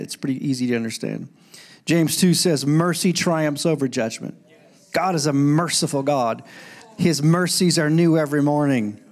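A middle-aged man preaching a sermon in a church, animated, breaking into loud calls when he quotes. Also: fairly high pitch. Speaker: pastor. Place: church sanctuary.

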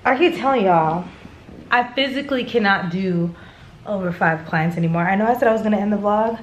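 A tired woman talks straight into her handheld camera, rambling and chatty. Her voice sits at a middle pitch, with a faint hiss behind her. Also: a little fast, dull audio. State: tired and out of breath. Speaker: vlogger. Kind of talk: casual vlog chat to camera.

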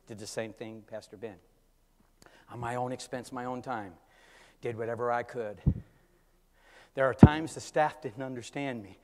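An older man, a pastor, preaching a storytelling sermon that swings from quiet talk to shouting, in a church. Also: medium pitch, steady tone, normal speed, long pauses. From California. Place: church sanctuary. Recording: church hall with long reverb.

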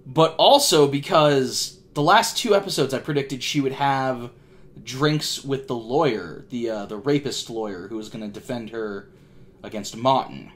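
A man's voice: medium pitch, unhurried. A young man in a mid-range voice hosts a TV reaction video. He rambles casually, restarts his sentences and teases himself as he goes. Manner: rambling, self-deprecating, frequent restarts. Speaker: reaction channel host.

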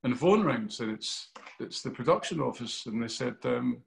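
A Glaswegian actor telling an animated interview anecdote, acting out quotes and swearing freely. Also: male voice, medium pitch, moderate pace, gravelly, hardly any pauses. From Scotland.

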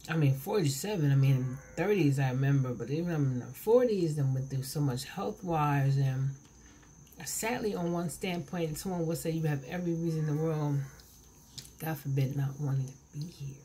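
Mellow and sitting low, the voice belongs to a woman in her forties who talks at a moderate pace while eating on camera at home. Her casual vlog chatter rambles and self-interrupts, with slight background noise on the camera mic.

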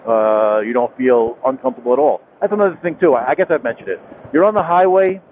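A man's voice: medium pitch, fast. Rambling man riding a motorcycle. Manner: rambling, repeats himself, many fillers and restarts. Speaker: motorcycle vlogger. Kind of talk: casual talk while riding. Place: on a motorcycle on a rural highway. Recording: tinny phone-like helmet mic with road noise.

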